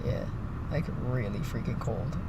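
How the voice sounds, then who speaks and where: A vlogger from the East Coast of Canada, chatting casually in a parked car while cold and tired, wandering between chatty remarks and hushed mumbled asides. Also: medium pitch, unhurried, background noise. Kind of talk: casual vlog chat. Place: inside a parked car in winter.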